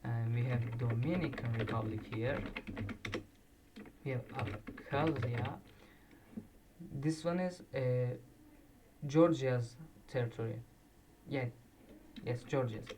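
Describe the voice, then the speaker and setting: Man, quiz video commentary, halting self-corrections, distant mic. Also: medium pitch, heavy background noise. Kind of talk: casual commentary while playing a flag quiz. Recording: distant mic with loud keyboard typing. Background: keyboard clicks and typing.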